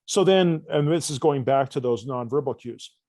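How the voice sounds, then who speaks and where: A man in a podcast interview, telling stories and acting out the voices of the people in them. His voice sits at a middle pitch and sounds close and dry, with no room around it. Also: moderate pace, dry recording. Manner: animated storyteller, acts out dialogue. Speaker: guest coach.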